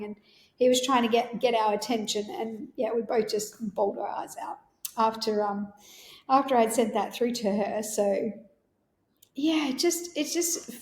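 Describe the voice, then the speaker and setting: Woman host, rather high voice, earnest rambling storyteller, roomy echo. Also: darkish tone. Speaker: podcast host. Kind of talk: personal storytelling.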